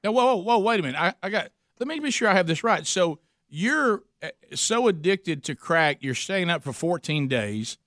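A male interviewer with a slightly raised pitch jumps in to restate his guest's story and dig further, his voice recorded dry and close. His manner is engaged and conversational, moving easily between questions and his own reflections. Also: big pitch swings, moderate pace, a bit bright, dry recording. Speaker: interviewer involved in men's ministry.

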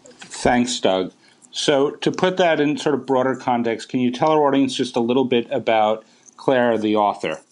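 A man's voice: mid-range voice, normal speed, a little mellow. A man interviewing a guest, asking about the book's author. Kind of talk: interview question.

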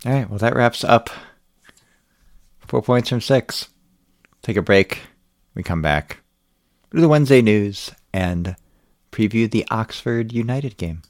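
A man's voice: fairly low pitch, lively intonation, measured pace, pauses often, no echo. A man hosting a football podcast, dry and teasing as he links segments. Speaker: podcast host.

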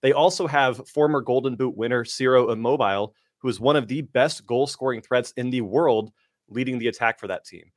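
A man's voice: mid-range voice, dry recording, clean studio sound. Man rattling off soccer betting stats. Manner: brisk, stat-heavy, confident picks. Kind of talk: sports betting analysis.

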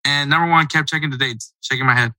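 Guy hosting a chill sports podcast, super bright voice, rambly, dry close mic. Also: on the high side, quick pace, dry recording, rough recording. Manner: rambling, loose and conversational. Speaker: podcast host. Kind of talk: casual sports podcast chat.

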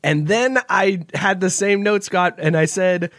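A man's voice: high-pitched, a bit bright, no room sound, clean studio sound. A man hosting a casual sports podcast, joking and swearing as he reads his notes. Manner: profane, joking, quick asides. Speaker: podcast host.

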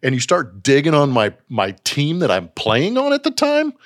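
An animated man trades stories on a casual sports podcast, his pitch jumping up high as he gets into a story. He calls his co-host "dude" and laughs between his words. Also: normal speed. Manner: animated storyteller, says "dude" often, laughs mid-sentence. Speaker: podcast co-host, former baseball executive.

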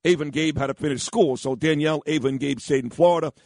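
A man's voice: fairly high pitch, quick pace, a little mellow, no room sound. A man hosting a radio talk show, telling stories and giving blunt, rambling opinions. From New York. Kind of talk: storytelling and opinionated chat. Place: radio studio.

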